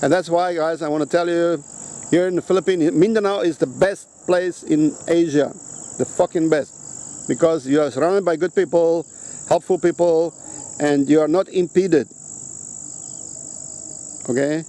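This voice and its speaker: A man's voice: fairly high pitch, unhurried, pauses often, mellow. A man ranting bluntly outdoors, swearing constantly and hammering his points home with repeated "okay?" checks. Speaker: vlogger. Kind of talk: outdoor rant to camera. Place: outdoors on a rock at sunset.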